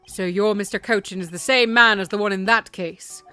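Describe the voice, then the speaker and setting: Girl reading as a polite formal guy prosecutor from a game, calm measured lines, bright voice. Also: medium pitch, smooth, soft background music, natural voice. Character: composed, formal male prosecutor in his twenties.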